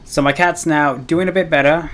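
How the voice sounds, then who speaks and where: A man's voice: on the high side, fairly even intonation, normal speed, a bit bright, faint music behind. Rambling young man telling a story. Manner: rambling, heavy on fillers and swearing. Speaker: gaming streamer. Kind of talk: casual storytelling while playing a game.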